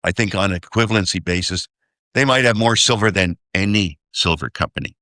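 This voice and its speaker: A very low-pitched man with a bright, forceful edge, speaking as an interview guest. He rambles and works through figures out loud, tossing in "okay?" as he goes. The sound is close and dry. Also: a little fast, no echo. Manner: rambling, does sums aloud, keeps asking "okay?". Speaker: investor guest. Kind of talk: casual interview talk.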